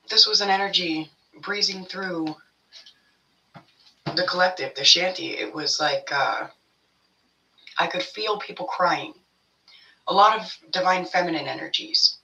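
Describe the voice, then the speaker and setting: A woman's voice: deep voice, bright, forceful tone, recorded from a distance, lo-fi sound. A woman giving a casual spiritual tarot reading to her viewers, rambling and blunt, swearing freely as she talks. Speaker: tarot reader.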